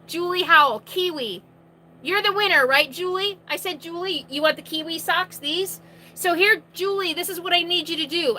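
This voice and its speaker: A woman with a high, bright voice runs a live question-and-answer stream from inside her RV. She talks in a chatty, loose way with restarts and projects loudly so her viewers can hear. A faint hum sits under her voice. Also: normal speed, poor audio. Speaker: RV vlogger hosting a live Q&A. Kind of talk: casual live-stream chat.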